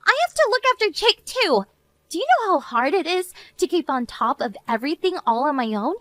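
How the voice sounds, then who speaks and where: Brief: female voice as a weary young mother, earnest and pleading, high-pitched. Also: fairly quick, dry recording. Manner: earnest, pleading, then flat and resigned. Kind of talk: animated story narration.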